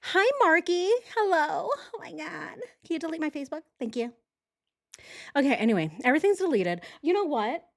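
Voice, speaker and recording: A woman's voice: high voice, lively intonation, moderate pace, creaky, no echo, studio quality, pitched above the performer's own voice. A woman mocking a whiny, melodramatic young woman. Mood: breathless. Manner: mocking, whiny, over-the-top phone chatter. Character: petty, melodramatic young woman covering her tracks.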